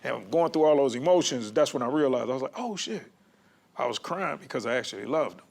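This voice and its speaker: A man's voice: medium pitch, quick pace, vocal fry, darkish tone. A man who is a comedian, telling a personal story in a loose, conversational way as a guest. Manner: loose, conversational, lots of "you know what I'm saying".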